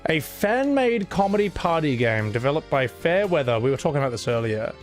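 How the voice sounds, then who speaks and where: A male streamer in casual commentary, animated and quick to laugh, with frequent swearing. His voice is on the higher side and swings widely in pitch. Faint music plays behind him.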